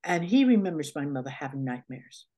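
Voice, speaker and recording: A middle-aged American woman with a low, dark voice talks a little fast and is very animated. She's a guest in a relaxed interview, rambling through heartfelt anecdotes full of fillers, especially "you know."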